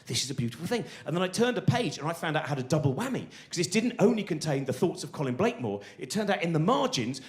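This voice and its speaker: A man performs stand-up live on a big theatre stage, rambling excitably and slipping into the voices of his own thoughts. His voice sits high and leaps all over the place. The hall rings around him, with laughter from the crowd. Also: fast talker. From England. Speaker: stand-up comedian. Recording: roomy live theatre sound. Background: audience laughter.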